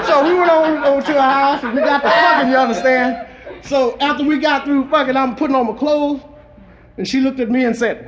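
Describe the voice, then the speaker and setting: A man's voice: very high voice, fast talker, muffled recording, some chatter behind. A man doing a raunchy stand-up routine, telling crude jokes and a rhyming jungle toast on an old live recording. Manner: bawdy storytelling with crude punchlines. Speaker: stand-up comedian. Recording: old live club recording, audience laughter audible. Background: audience laughter.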